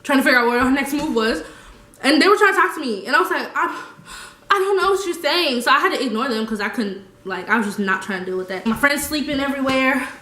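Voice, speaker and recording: A young woman telling a story casually, animated and slangy, laughing often. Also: sits high, fast, echoey room. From United States. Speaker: vlogger.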